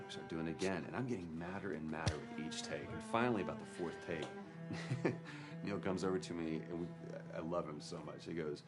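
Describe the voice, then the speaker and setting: A man's voice: low-pitched, fairly quick, over loud music. A man speaking as an actor, candidly and with self-mockery, as he recalls a hard shoot. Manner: candid, storytelling, self-mocking. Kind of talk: documentary interview.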